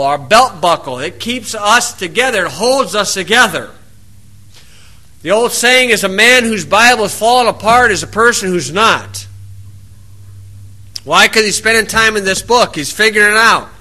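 A man preaching a folksy sermon, reading scripture slowly and then drifting into plain-spoken anecdotes. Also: high voice, expressive, sharp tone.

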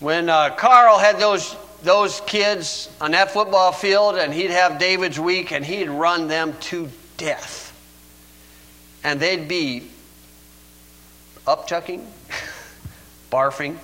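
A man's voice: sits high, slow, long pauses, sharp tone, rough recording. An older man preaching a sermon in a folksy, storytelling way, chuckling often. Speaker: pastor.

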